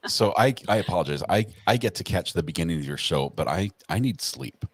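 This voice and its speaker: A man's voice: deep voice, lively intonation, fairly quick, husky, no echo. A man chatting as a livestream guest who asks lots of curious questions and often repeats words as he starts. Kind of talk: casual livestream chat.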